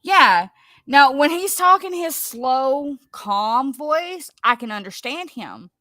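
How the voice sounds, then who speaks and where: A woman's voice: high-pitched, expressive, takes it slowly, pushed and bright, no echo. A woman hosting a live stream, chatting casually with viewers in a rambling, chatty way. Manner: rambling, chatty, laughs easily.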